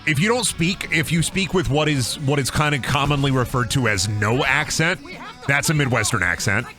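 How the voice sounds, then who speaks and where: A man's voice: mid-range voice, moderate pace, music in the background. A young man from Iowa with an Iowan accent, streaming a game with rambling, joking, profane commentary. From Iowa, USA. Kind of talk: casual gaming commentary.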